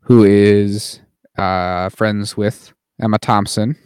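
A man's voice: flat delivery, takes it slowly, a little mellow, smooth, dry recording. Rambling man recapping a film, dry mic. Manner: rambling recaps with fillers, jumps into mocking high put-on voices. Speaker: podcast co-host. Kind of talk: casual chat.

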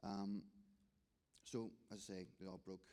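A man's voice: lowish voice, little pitch movement, measured pace, dark tone. A man with a Northern Irish accent telling a church testimony story, acting out the dialogue with frequent restarts. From Northern Ireland. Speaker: restorative justice volunteer giving testimony.

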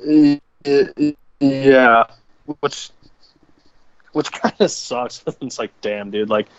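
A man's voice: mid-range voice, very slow, clean tone, no room sound, muffled recording. A man co-hosting a casual wrestling chat podcast over a remote call, laid-back and swearing freely. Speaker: podcast co-host.

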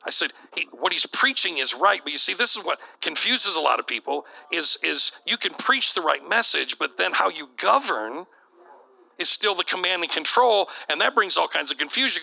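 A man's voice: fairly high pitch, lively intonation, normal speed, gravelly, pushed and bright, low-quality recording. A middle-aged man, a bishop, preaching to church leaders in a conversational, storytelling way.

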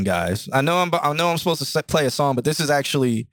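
Animated laughing male podcast co-host. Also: on the high side, fast talker, no echo, clean studio sound. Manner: laughing, joking, animated storytelling. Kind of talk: casual chat. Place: indoor studio or living room.

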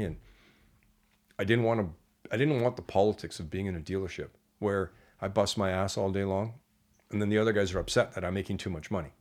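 A man, a guest on an interview show, telling lively casual anecdotes and acting out the people in them. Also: sits low. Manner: animated anecdotes, acts out quoted people. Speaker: entrepreneur guest.

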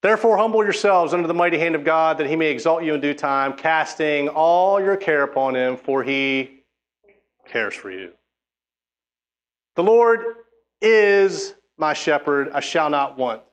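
With a fairly high, expressive voice and a slightly slow pace, a man delivers a sermon, reading scripture and pressing his listeners hard. He speaks emphatically and restarts often.

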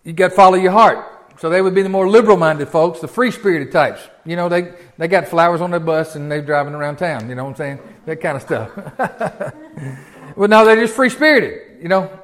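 A man preaching a sermon in a conversational way, often checking in with his listeners and swinging between emphatic and quiet delivery. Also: a little high, normal speed. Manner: conversational preaching with frequent check-ins and restarts; emphatic, dynamic swings in loudness. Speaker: pastor.

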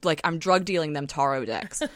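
A woman's voice: deep voice, animated, moderate pace. A woman with a Southern US accent chatting casually about tarot decks, full of fillers and easy laughs.

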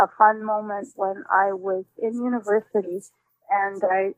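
A woman in her forties, a musician, answering interview questions in a reflective, animated way with many restarts. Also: medium pitch, no room sound. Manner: warm, reflective, with frequent restarts and exclamations. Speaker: musician guest. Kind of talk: relaxed personal interview answers. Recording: dry, tinny phone-like line.

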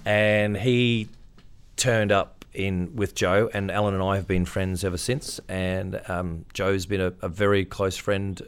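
A man's voice: low voice, flat delivery, a little slow, smooth. A middle-aged Australian man, an interview guest, casually telling stories and acting out the voices of people he quotes. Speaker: interview guest, tribute performer.

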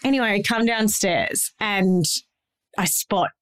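A pregnant woman in her thirties, co-hosting a casual chat and telling a lively story, acting out the voices in it. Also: unhurried. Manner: animated storyteller, acts out dialogue with big pitch jumps. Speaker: podcast co-host.

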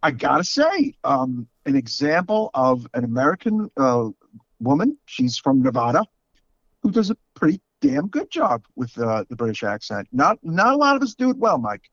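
A man's voice: medium pitch, huge pitch swings, normal speed, a bit bright, no echo, lo-fi sound. A man with a New York accent, co-hosting a podcast in a frank, casual chat full of fillers. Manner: chatty, frank, with many fillers. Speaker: podcast co-host.

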